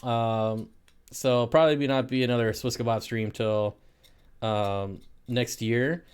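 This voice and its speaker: A man's voice: mid-range voice, steady tone, measured pace, clear, resonant tone. A man hosting an aquarium live stream, chatting casually and laughing as he answers viewer comments.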